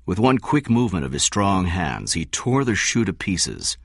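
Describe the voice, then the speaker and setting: A man narrating a story as an audiobook, measured and expressive. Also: low voice, creaky, dry recording, studio quality. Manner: measured, expressive reading with voiced dialogue.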